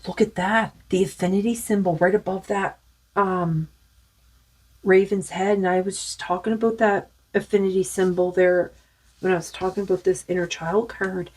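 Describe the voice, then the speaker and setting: Husky woman musing through a card reading. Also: medium pitch, little pitch movement, normal speed, darkish tone. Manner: rambling, musing, many fillers. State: losing her voice. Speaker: tarot card reader. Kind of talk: casual spiritual card reading.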